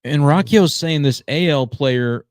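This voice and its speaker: A man's voice: a little high, dry recording, studio quality. A man in his thirties co-hosting a sports talk show, chatty and casual, with frequent fillers. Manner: quick, chatty, using fillers like "like". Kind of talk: casual sports radio chat. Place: radio studio.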